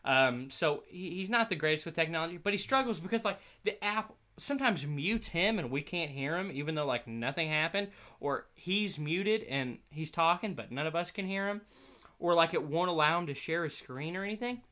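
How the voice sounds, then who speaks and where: A man's voice: a little high, expressive, normal speed, pushed and bright. A young man, a college student, telling a casual story in a rambling way, laughing often and restarting his sentences.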